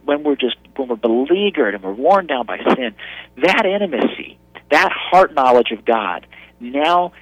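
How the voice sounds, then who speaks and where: A man in his thirties sharing an earnest personal testimony on prayer, going soft and low at tender moments. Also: no room sound, low-quality recording.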